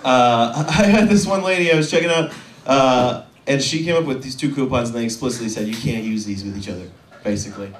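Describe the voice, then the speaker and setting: A man in his twenties doing a stand-up set, rambling and self-deprecating, often halting with fillers. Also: mid-range voice, animated, roomy sound, distant mic. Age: 20s. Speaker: stand-up comedian.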